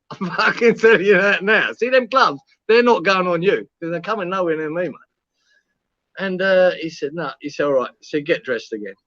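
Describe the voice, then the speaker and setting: High-voiced swearing Englishman telling a story. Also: expressive, normal speed, a bit bright, no echo, lo-fi sound. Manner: swearing, laughing, acts out quoted lines. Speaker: co-host. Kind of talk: casual storytelling.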